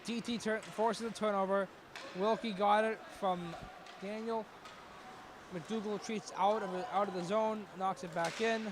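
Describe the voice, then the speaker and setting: A young man with a very high voice calls a hockey game play by play. He talks quickly and excitably and breaks into shouts on every scoring chance, over a loud, noisy rink. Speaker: play-by-play commentator. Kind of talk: live hockey play-by-play commentary.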